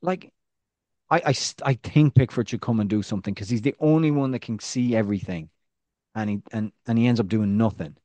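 Male podcast co-host, casual football chat, animated storyteller, dry close mic. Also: brisk, dry recording. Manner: animated storyteller, restarts, rising pitch when excited.

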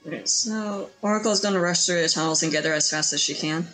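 A woman's voice: fairly low pitch, fast, a bit bright, faint music behind, low-quality recording. A woman playing a tabletop game, with a playful, giggly manner.

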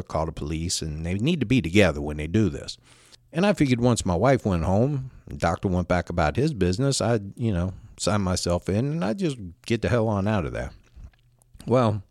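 A man telling a personal story in a halting, conversational way, often repeating words and restarting. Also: deep voice, a little mellow, no room sound, clean studio sound. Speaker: storyteller recounting a personal experience. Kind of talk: first-person spoken storytelling.

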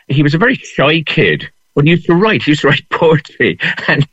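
A man's voice: a little high, sing-song, moderate pace, fairly bright tone, breathy edge, no room sound, dull audio. A man, a show guest, chatting casually and telling anecdotes with frequent laughter. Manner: anecdotal storyteller, laughs often. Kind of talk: casual radio chat.

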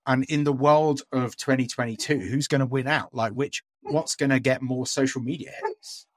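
A man's voice: mid-range voice, fairly even intonation, moderate pace, no room sound. Podcast guy chatting, lots of um and you know, mid voice, dry sound no room. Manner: hesitant, lots of fillers and restarts. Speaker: podcast co-host. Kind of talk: casual chat.

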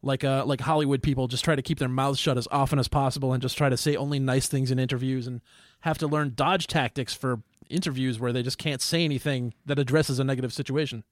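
A man's voice: medium pitch, fairly even intonation, fast, hardly any pauses, no room sound, clean studio sound. A young man co-hosting a casual podcast, blunt and opinionated with a self-mocking streak. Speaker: band member and podcast co-host. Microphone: studio microphone.

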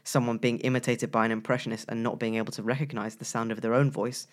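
Man, lively co-host, casual chat, playful, bursts of loud emphasis. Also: medium pitch, quick pace. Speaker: co-host, voice professional.

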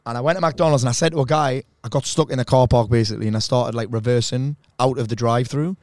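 A man, a mindset coach chatting on a podcast and telling blunt, sweary, animated stories. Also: mid-range voice, fast, no echo, studio quality. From northeast England. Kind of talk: casual podcast chat.

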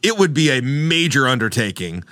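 A man's voice: medium pitch, moderate pace, dry recording. A middle-aged man co-hosting a sports podcast in casual, joking chat, with a Midwestern American accent. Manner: animated, joking, trails off into mumbles. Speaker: podcast co-host.

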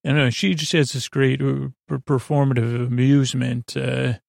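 A man hosting a sleepy bedtime podcast, rambling through an episode recap in an unhurried way with lots of fillers. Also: mid-range voice, level tone, creaky, dry recording, studio quality. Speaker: podcast host.

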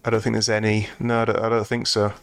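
A man's voice: on the low side, monotone, fast talker, background noise. A man co-hosting a film podcast in casual chat, meandering and restarting sentences with dry humor. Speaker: podcast co-host.

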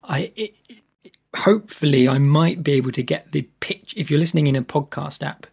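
A man's voice: fairly high pitch, moderate pace, creaky, a little mellow, breathy edge. A man hosting a podcast, introducing an episode in a rambling, self-deprecating way with many fillers. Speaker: podcast host.

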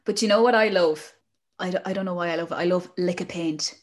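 A woman's voice: lowish voice, fast talker. Chatty young Irish woman, playful. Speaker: podcast co-host. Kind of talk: casual chat.

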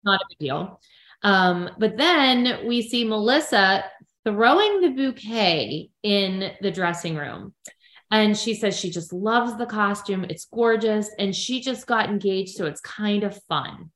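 Woman co-host, lively recap storyteller, recorded in an echoey room. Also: mid-range voice, slow. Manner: animated storyteller, acts out quotes from others. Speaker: podcast co-host recapping a reality show she appeared on. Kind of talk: casual chat. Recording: roomy echo.

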